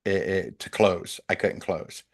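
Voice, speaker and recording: Rambling man, lowish voice. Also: fairly even intonation, a little slow. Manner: rambling storyteller, many "like"s. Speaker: podcast regular. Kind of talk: casual chat.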